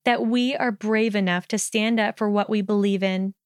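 A woman reading the part of a sharp, defiant young witch, with a smooth, dry voice. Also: medium pitch, fairly even intonation, moderate pace, no room sound, natural voice. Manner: crisp, defiant, haughty.

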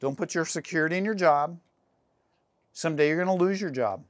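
A man's voice: fairly high pitch, a little fast, no room sound. A middle-aged man preaching a sermon as a pastor, earnest and emphatic, with rhetorical questions.

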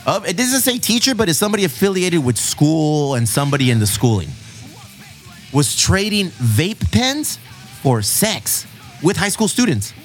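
A man in his forties hosting a casual podcast, with a higher-than-usual voice that jumps all over. He laughs and curses freely and drags out headlines for effect. Faint music plays underneath. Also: sing-song. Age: 40s. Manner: loud, laughing, swears freely, reads headlines with drawn-out emphasis. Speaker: podcast host.

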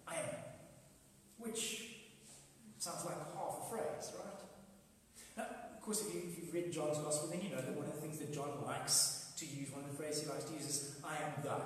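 A man preaching a sermon as a pastor, conversational and animated, acting out the voices he quotes. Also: fairly high pitch. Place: church. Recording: echoey church hall from far off.

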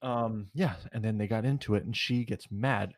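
A man's voice: lowish voice, moderate pace. A man co-hosting a podcast, rambling through a casual story and acting out what people said. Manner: rambling, restarts, acts out quotes. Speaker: podcast co-host.

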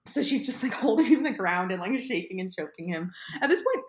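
A young woman co-hosting a podcast, recapping an episode in animated, sarcastic casual chat. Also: mid-range voice. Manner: animated, sarcastic, quick to laugh. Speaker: podcast co-host.

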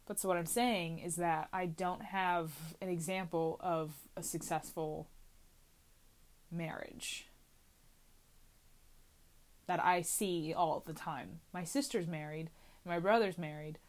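A woman's voice: lowish voice, fairly even intonation, a little slow, long pauses. A woman in her twenties talking anxiously to camera in a casual confessional vlog, rambling and questioning herself from inside a small closet. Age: 20s. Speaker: vlogger.

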